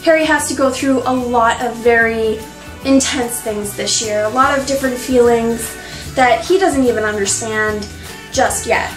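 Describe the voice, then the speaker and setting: A woman giving an excited, gushing book review, giggling often and restarting her sentences with lots of fillers. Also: high voice, roomy sound, rough recording. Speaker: book vlogger.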